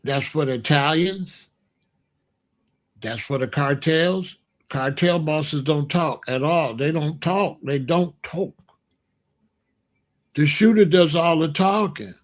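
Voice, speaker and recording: A man's voice: a little high, slow pace, pauses often. A man telling a street story in a repetitive, emphatic monologue. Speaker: podcast host.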